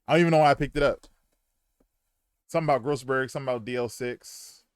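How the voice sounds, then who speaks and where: A man's voice: mid-range voice, quick pace, clean tone, no echo, clean studio sound. Man dramatically reading game lines aloud. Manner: dramatic reading with casual cursing asides. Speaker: streamer. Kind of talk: reading game dialogue aloud on a live stream.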